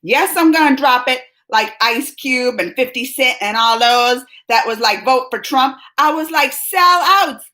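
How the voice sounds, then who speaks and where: A woman's voice: high voice, moderate pace, few pauses, bright, forceful tone, poor audio. A woman in her thirties, hosting a live stream, chatting casually and laughing often as she reads comments. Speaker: live stream host reading chat.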